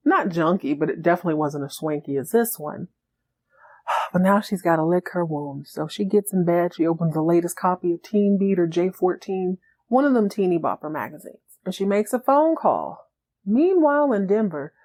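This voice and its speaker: A woman hosting a podcast who recaps a TV episode in a comedic, animated way and laughs often. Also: lowish voice. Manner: animated, joking, laughs a lot. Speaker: podcast host.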